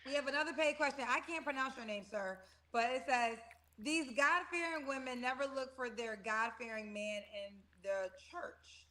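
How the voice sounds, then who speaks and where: A woman reads viewer questions aloud on an online dating show and then chats on in a relaxed way. Her voice is bright and pitched fairly high. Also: moderate pace. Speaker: co-host reading viewer questions. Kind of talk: casual chat.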